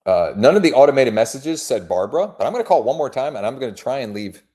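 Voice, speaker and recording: A man's voice: mid-range voice, very animated, fast, mellow. A man who works as a real estate agent, running a live workshop and making friendly, informal phone calls to leads.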